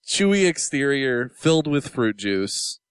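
A man's voice: medium pitch, very animated, measured pace, smooth, no room sound. A man co-hosting a podcast in casual chat, playful and jokey. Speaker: podcast co-host.

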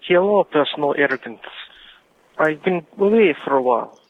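A British man calling in and putting on a deliberately bad Eastern European accent, heard over a phone line. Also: a little high, animated, slight background noise. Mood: playful. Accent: put-on Eastern European. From United Kingdom. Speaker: caller. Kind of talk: voicemail call-in.

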